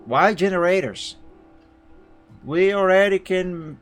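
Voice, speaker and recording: A man on a live stream, reading a visual novel aloud and chatting with viewers in an animated way, often laughing. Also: sits high, slow. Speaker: game streamer. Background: faint game music.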